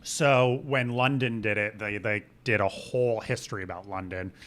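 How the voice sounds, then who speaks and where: A man's voice: on the low side, steady tone, moderate pace, fairly bright tone. A man co-hosting a comedy podcast, rambling in a playful, self-mocking way. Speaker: podcast co-host. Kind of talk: casual comedic chat.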